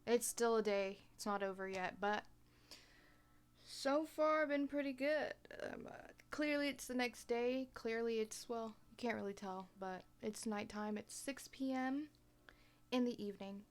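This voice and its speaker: Soft-spoken young woman vlogging. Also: on the high side, a little slow, clear, resonant tone. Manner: soft-spoken, often half-whispered, hesitant with many fillers. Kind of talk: casual personal vlog.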